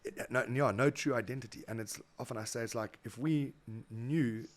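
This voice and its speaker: A South African man telling stories as a guest in a casual interview, animated, acting out quoted voices and often repeating words. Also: medium pitch, normal speed. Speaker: guest, motivational speaker.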